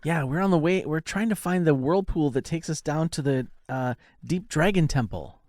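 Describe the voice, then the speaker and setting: A man playing a tabletop game, joking and quick with his lines. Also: a little high, darkish tone, no echo, clean studio sound. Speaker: player. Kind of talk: casual tabletop play.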